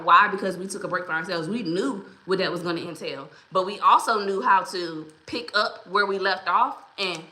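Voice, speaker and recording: A woman's voice: mid-range voice, pushed and bright. A woman hosting a casual livestream, chatty and encouraging as she greets viewers by name. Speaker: livestream host. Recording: roomy echo.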